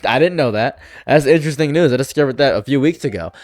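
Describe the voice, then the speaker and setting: A man's voice: animated, fast talker, a little mellow, no echo. A man delivering a sarcastic, exasperated political commentary rant, jumping his voice up for mocking asides. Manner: sarcastic, exasperated, swings pitch for mock voices. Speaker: commentary streamer.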